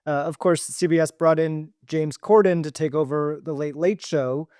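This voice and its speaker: Smooth-voiced podcast host, dry and close. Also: male voice, a little high, fairly even intonation, warm tone, dry recording. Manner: measured questions with filler ums. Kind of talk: podcast interview.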